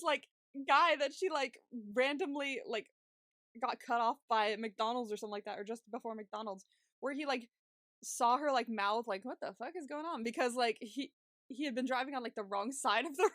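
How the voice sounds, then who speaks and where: Young woman podcast host, chatty and giggly, swears a lot, slightly high voice, dry close sound. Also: moderate pace, no room sound. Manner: chatty, swears freely, laughs often, many fillers. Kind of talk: casual storytelling chat.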